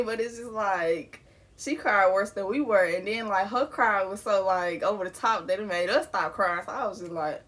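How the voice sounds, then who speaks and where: A young woman talks straight to her viewers in a relaxed storytime vlog. Her voice sits at a middle pitch, and her delivery is loose and candid, with laughs breaking through even as she speaks about serious things. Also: a little fast. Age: young adult. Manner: casual and candid, laughing through grief, addressing viewers as y'all. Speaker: vlogger.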